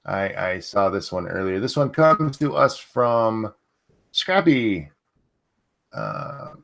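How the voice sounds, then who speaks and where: Lively low-voiced male stream host. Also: takes it slowly, creaky. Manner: blunt, swears freely, animated. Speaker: podcast host. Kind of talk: casual livestream news chat.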